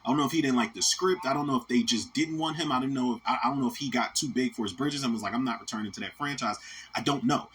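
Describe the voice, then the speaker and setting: A man's voice: mid-range voice, fast, fairly bright tone, a little hiss or hum. A man in his thirties, hosting a podcast and giving a casual, rambling, profane movie rant that keeps coming back to "man". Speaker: podcast host.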